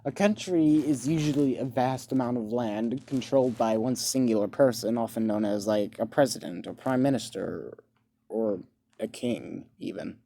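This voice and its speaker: A man's voice: mid-range voice, moderate pace, vocal fry, mellow. A man casually improvising a crude fan-fiction story, rambling with lots of filler and laughing at his own jokes.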